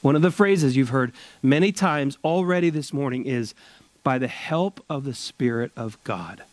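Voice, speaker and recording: A man preaching a sermon at a church service, drawing out key phrases slowly for emphasis. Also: medium pitch, dry recording. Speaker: pastor.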